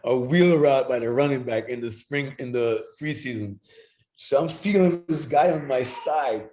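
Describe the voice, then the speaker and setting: A middle-aged man, a guest telling animated stories in casual chat and acting out other voices. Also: medium pitch, normal speed. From Jamaica. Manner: animated, acts out quoted voices, swears freely.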